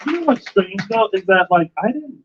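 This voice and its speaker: A man's voice: high-pitched, expressive, a little fast, background noise. A man chatting on a live panel, laughing often as he talks. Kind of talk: casual live panel chat. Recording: muffled live-stream audio.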